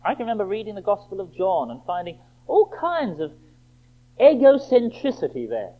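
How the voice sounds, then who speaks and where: A man preaching a sermon, emphatic and rhetorical, slowing right down for quoted scripture. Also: high-pitched, very animated. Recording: tinny phone-like band.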